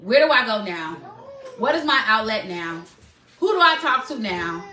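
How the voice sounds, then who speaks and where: Woman live-stream host, high and bright, heartfelt and open with viewers, echoey room. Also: sing-song, moderate pace, a little hiss or hum. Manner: emotional, heartfelt, addresses viewers as y'all. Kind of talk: candid personal live stream talk.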